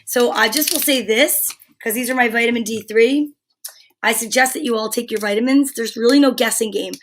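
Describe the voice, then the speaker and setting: A woman's voice: fairly high pitch, brisk, noisy background. An older woman hosting a casual live stream at home, chatting with viewers and cooing over the dog on her lap. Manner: chatty, affectionate, baby-talks to her dog.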